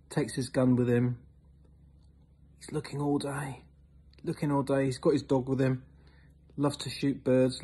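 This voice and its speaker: A man with a husky voice tells a long joke. His pitch sits in the middle range. His delivery is animated, swinging between loud and hushed. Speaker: joke teller.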